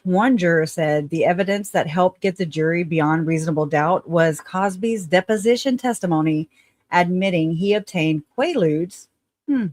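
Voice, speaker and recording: A woman's voice: fairly low pitch, a little mellow, dry recording. Sarcastic woman with a Southern twang. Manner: sarcastic asides, reads with stumbles. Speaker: host. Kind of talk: casual commentary, reading articles aloud.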